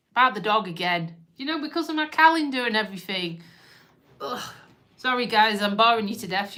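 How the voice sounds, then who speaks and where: A woman's voice: mid-range voice, bright, forceful tone. A woman hosting a live stream, talking casually and emotionally, tearful and rambling as she interrupts herself. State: crying on and off.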